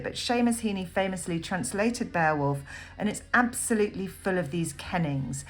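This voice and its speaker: A woman teaching a poem in a recorded lesson, thinking aloud with frequent ums and pausing as she annotates notes on the page. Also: on the low side. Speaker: literature teacher. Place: at a desk writing notes.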